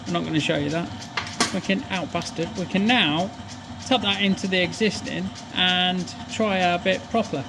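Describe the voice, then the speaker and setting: A man with a slightly hoarse voice gives chatty, sweary commentary while working at a lathe in his workshop, full of self-mocking asides. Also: sits high, moderate pace, over music. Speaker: workshop fabricator.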